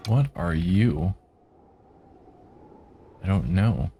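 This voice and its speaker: A man talks through his gameplay in a relaxed, lowish voice. He makes dry, wry asides and talks to the enemies on screen. Faint ambience sits under him. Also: drawn-out words, a little hiss or hum. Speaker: game streamer. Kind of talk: let's-play commentary.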